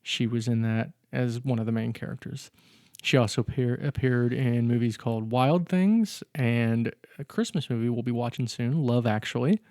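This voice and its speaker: A podcast co-host with a medium-pitched, darkish voice casually recaps a film's plot step by step, using fillers as he goes. He speaks at a moderate pace in a clean studio recording with no echo.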